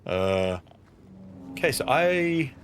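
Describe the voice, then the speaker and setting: Speaking extremely slowly but very animated, this man has a mid-range voice, with a little hiss or hum in the recording. It's casual live-stream chat: he plays a game, reads and replies to his viewers' messages, and mutters playfully to himself.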